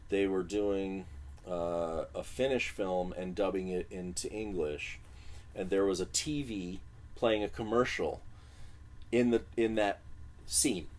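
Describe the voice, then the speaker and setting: A man's voice: deep voice, slow pace. A man from Illinois, a music producer and guest, telling stories in a casual interview and acting out the quotes in them. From Illinois, USA. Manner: animated storyteller who acts out quotes. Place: recording studio.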